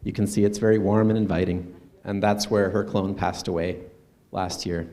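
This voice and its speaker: A man speaking earnestly at a conference, in a conversational presentation with soft asides. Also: sits low, little pitch movement, normal speed. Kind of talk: personal stage presentation. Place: conference stage.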